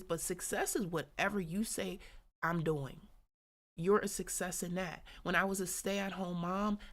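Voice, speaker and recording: A woman hosting a live business talk in a casual, motivational way, chatty and laughing, sometimes reading from a book and dropping into whispered asides. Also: fairly low pitch.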